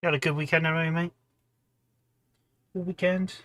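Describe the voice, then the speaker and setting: A man's voice: fairly high pitch, flat delivery, a little fast, a bit bright, dry recording. Tired, rambling man. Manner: rambling, chatty, many ums and restarts, reading out chat. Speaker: hobby livestream host. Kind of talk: casual livestream chat while painting miniatures.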